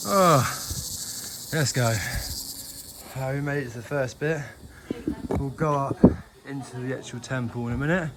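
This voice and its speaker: Young man, out of breath, casual chatty vlog, clear outdoor noise behind. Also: medium pitch, a little slow. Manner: chatty, self-mocking, breathless asides. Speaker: travel vlogger. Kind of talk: casual vlog narration while hiking. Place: outdoor hillside stairway. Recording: outdoor camera audio with clear background noise.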